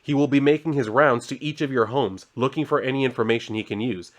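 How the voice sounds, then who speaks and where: A man reading the lines of a calm, ruthless male hired assassin from a comic, in a flat, matter-of-fact way. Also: mid-range voice, fast, close to an everyday voice. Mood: cold.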